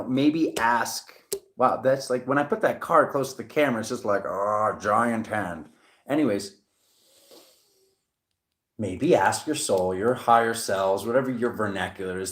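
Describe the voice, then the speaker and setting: A man giving a casual, chatty tarot reading to camera. He rambles playfully, with jokey asides and laughter. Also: mid-range voice. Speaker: tarot reader. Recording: echoey room.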